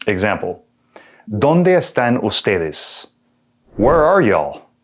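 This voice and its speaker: A man's voice: on the low side, big pitch swings. A man from Texas with a Texan accent, teaching a beginner language lesson and walking through examples one at a time. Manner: slow and clear, repeating examples with translations. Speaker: Spanish teacher.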